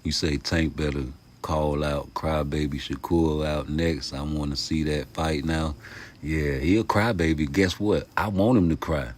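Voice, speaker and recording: A man hosting a casual boxing vlog, talking passionately in heavy street slang and profanity, jumping from loud outbursts to mumbled asides. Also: extremely low pitch, steady tone, unhurried, slight background noise. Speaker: YouTube boxing commentator.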